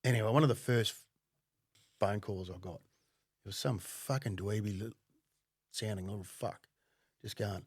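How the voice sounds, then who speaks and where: A man with an Australian accent and a lowish, breathy voice speaks unhurriedly with long pauses, recorded in clean studio quality with no room sound. A former undercover cop appearing as a podcast guest, he tells stories casually in a blunt, profane style and laughs often.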